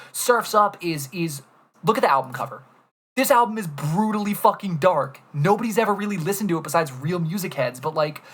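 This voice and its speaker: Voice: medium pitch, fairly bright tone. A young streamer ranting casually to chat about albums, enthusiastic and rambling, swearing often.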